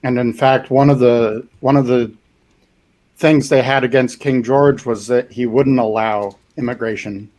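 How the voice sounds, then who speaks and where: A man on a podcast who speaks in a measured way during a casual discussion. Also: medium pitch, steady tone, darkish tone.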